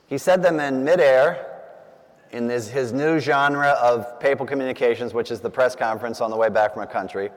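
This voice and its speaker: Man, priest, public talk, anecdotal and chatty, mid-pitched voice, long hall reverb. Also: normal speed. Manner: chatty, anecdotal, frequent asides and fillers. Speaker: priest giving a talk to a group. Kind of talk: conversational public talk with storytelling.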